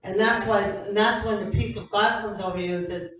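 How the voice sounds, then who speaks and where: A woman's voice: mid-range voice, fairly even intonation, brisk. Fervent woman pastor in an echoing church. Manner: fervent, repetitive preaching with many restarts. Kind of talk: evening sermon. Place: church sanctuary. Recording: echoey hall from a distant mic, dull sound.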